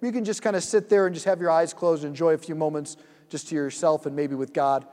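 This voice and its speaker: A man leading a guided prayer meditation in a church hall, speaking gently and soothingly and often dropping to a hush. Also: fairly high pitch, steady tone, fast.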